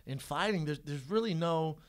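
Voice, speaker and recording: A man's voice: on the high side, moderate pace. A man co-hosting a podcast, a former fighter telling stories in a casual chat, acting out what people said and swearing freely. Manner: animated storyteller who acts out quotes, profane.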